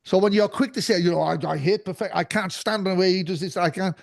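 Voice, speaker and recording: A male guest in casual conversation, insistent and rambling, talking over the host. His voice is high for a man, and the recording is dry and close. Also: fast, creaky, dry recording.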